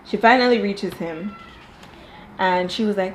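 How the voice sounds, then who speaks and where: A woman giving casual reaction commentary on a reality TV episode, animated and jumping into quoted voices. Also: medium pitch, a little slow, long pauses, a little hiss or hum. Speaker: reality TV reviewer.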